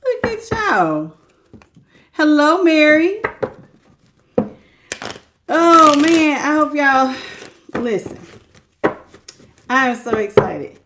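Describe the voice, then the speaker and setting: A woman's voice: high voice, very slow, long pauses, background noise. A woman doing a live tarot reading, chatting casually, greeting viewers by name and laughing often. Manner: casual, folksy talk. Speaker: tarot reader.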